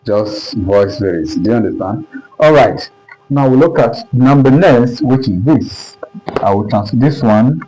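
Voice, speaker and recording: Teaching English pronunciation at a board, this man speaks with a Nigerian English accent, going over points repeatedly and checking again and again that students follow. His mid-range voice is warm and expressive at a slightly slow pace, and the low-quality recording carries some hiss or hum.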